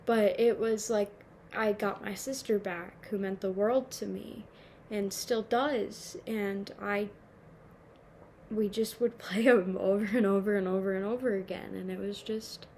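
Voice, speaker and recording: A woman's voice: mid-range voice, fairly even intonation, measured pace, darkish tone, a little hiss or hum. A nineteen-year-old woman chatting casually to her camera at home, rambling, swearing and poking fun at herself. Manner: rambling, swearing, self-mocking. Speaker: vlogger. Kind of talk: casual chat. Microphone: camera mic.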